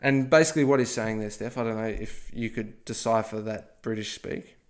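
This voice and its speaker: A man co-hosts a history podcast, his voice fairly low with a steady tone and a slightly quick pace. He tells the story playfully, tossing in jokey asides and saying "okay?" a lot.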